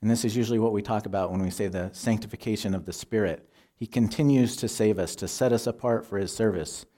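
A man preaching a sermon, teaching in a measured, earnest way and quoting scripture. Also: lowish voice, dark tone.

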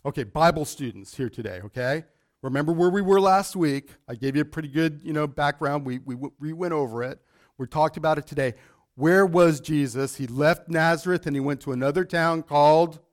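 Higher-voiced pastor quizzing his congregation. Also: fairly quick. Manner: animated, quizzes the congregation with questions. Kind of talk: sermon with Bible teaching.

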